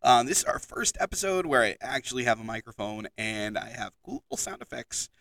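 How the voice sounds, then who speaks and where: A man's voice: medium pitch, lively intonation, brisk, creaky, a bit bright, far from the mic, poor audio. A man hosting his own podcast in a casual monologue, chatty and full of ums, speaking into a headset mic. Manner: chatty, many ums and restarts. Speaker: podcast host and teacher. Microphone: headset microphone.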